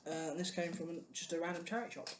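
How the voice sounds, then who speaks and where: British collector rambling about books at home, lots of ums, average pitch. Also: very fast, slight background noise. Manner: rambling, many ums and restarts, chatty. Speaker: book collector vlogger. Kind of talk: casual book haul chat.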